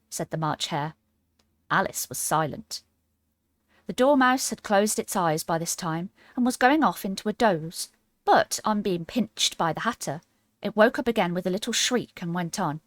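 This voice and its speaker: A woman narrating a classic storybook aloud with an expressive, animated reading. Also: lowish voice, normal speed, dry recording. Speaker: audiobook reader.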